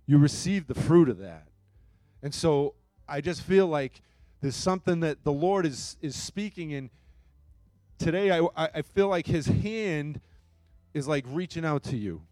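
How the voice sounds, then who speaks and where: A man preaching a sermon and telling a story, his voice swinging between hushed moments and loud, emphatic bursts. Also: medium pitch, dry recording. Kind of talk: sermon testimony.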